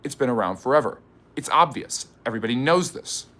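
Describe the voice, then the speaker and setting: A man's voice: mid-range voice, lively intonation, brisk, pushed and bright. A man putting on a smug, matter-of-fact TV pundit voice while live streaming. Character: man doing a TV pundit impression.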